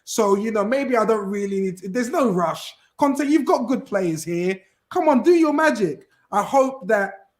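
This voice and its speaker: A man chatting casually as a fan on a football podcast, rambling and animated with many restarts. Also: high-pitched. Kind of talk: casual chat.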